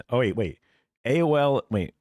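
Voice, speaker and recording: A man's voice: mid-range voice, big pitch swings, measured pace, darkish tone, slight background noise. Profane, mocking male streamer. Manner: mocking, swears a lot, mimics people in the clips. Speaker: streamer reacting to videos. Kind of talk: profane live-stream reaction commentary.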